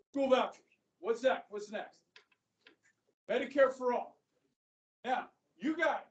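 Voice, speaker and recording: A man in his fifties teaches a high school government class, his voice carrying through a roomy, echoing classroom. He is picked up by a recorder set well away from him. He talks in a chatty way and keeps checking in with the students. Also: highs cut off. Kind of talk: classroom lecture. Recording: echoey classroom from far off.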